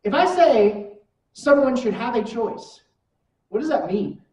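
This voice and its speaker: Mellow-voiced woman teaching, distant and echoey. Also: a little high, expressive, unhurried, slight background noise. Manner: asks the class rhetorical questions. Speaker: Bible class teacher. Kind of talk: conversational church lesson. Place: church classroom. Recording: echoey room from far mic.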